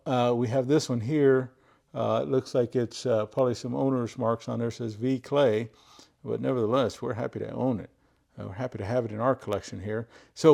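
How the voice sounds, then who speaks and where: A man with a gravelly, creaky voice at an ordinary pitch chats casually to the camera in his garage. He exclaims over each item, says words of praise two or three times in a row, and thinks aloud with plenty of fillers. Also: a little mellow. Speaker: tool collector opening viewer mail. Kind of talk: casual unboxing chat to camera. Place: home garage.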